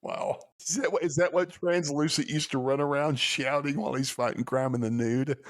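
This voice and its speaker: Male podcast co-host, mid-pitched, casual reactor who muses out loud. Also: steady tone. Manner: chatty, reacts with quick agreement and jokes, muses aloud.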